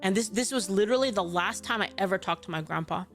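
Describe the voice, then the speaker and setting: A woman with a middle-pitched voice tells a long story on stream. She rambles, piling up fillers and swearing freely. Faint music plays beneath her. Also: quick pace.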